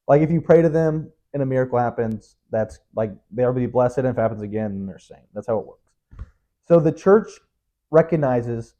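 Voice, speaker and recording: A man's voice: mid-range voice, dark tone, dull audio. A young man hosting his own podcast alone, talking in a rambling, joking, self-mocking way. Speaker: podcast host. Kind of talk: casual solo monologue.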